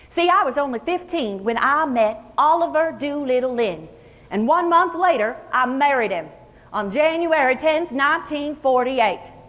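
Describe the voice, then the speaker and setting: An actress gives a first-person historical portrayal of a homespun Kentucky country singer, a plainspoken woman who loves telling stories. Her high, fairly bright female voice carries a Kentucky Appalachian accent as she chats in a folksy, unhurried way. She speaks before an audience in a luncheon hall whose echo trails in long reverb.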